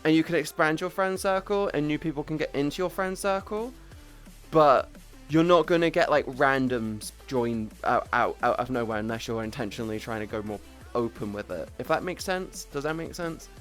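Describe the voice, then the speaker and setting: A woman's voice: deep voice, moderate pace, soft background music. Woman streamer, headset mic, casual rambling chat, stops to greet chat. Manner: rambling, chatty, breaks off to greet viewers. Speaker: livestreamer. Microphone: headset boom mic.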